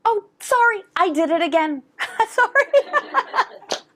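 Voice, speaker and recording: A woman educator co-presenting at a conference, chiming in with quick, lively remarks. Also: very high voice. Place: conference hall with audience.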